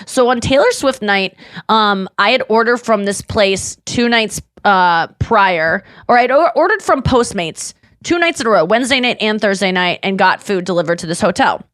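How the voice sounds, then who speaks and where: A woman hosting a podcast, telling a story in casual chat with quick laughs and some swearing. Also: mid-range voice, lively intonation, fairly bright tone, dry recording, clean studio sound. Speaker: podcast host.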